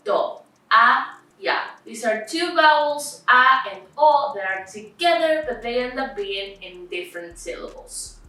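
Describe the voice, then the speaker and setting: Argentinian lady tutor explaining spanish, high-ish bright voice, clear and patient. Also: lively intonation, heavy reverb, far from the mic, rough recording. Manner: clear, explanatory, spells out examples slowly. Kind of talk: online language lesson.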